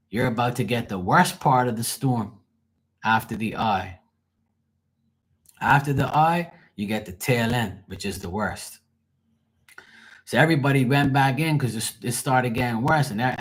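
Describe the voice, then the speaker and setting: A young man, telling a casual, profane and animated story on his livestream. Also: medium pitch, moderate pace. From Bermuda. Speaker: livestream host.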